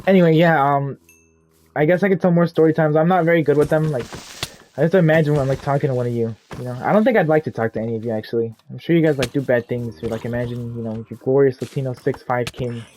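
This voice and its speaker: A man's voice: medium pitch, fast talker, darkish tone, a little hiss or hum. A young man telling a rambling, profane, self-deprecating story casually while playing a game. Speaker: gaming YouTuber. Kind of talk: casual storytime over gameplay.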